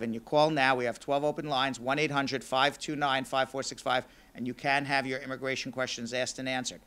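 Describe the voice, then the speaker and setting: A hoarse man losing his voice, hosting a live call-in radio show and giving legal advice step by step in a fast, energetic way. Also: mid-range voice. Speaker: immigration lawyer and radio show host.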